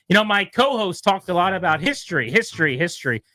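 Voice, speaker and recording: A man's voice: sits high, big pitch swings, quick pace, few pauses, bright, forceful tone, no echo. A man co-hosting a sports radio show, arguing his case like a lawyer and rattling off statistics with emphasis. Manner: emphatic, rattles off stats like a closing argument. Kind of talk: mock courtroom argument on sports radio.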